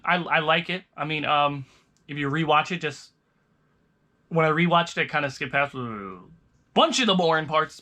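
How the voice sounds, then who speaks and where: A young man talks casually to camera, rambling loosely and starting his sentences over. His voice is bright and forward, pitched a little high for a man. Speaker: vlogger reviewing movies. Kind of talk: casual chat.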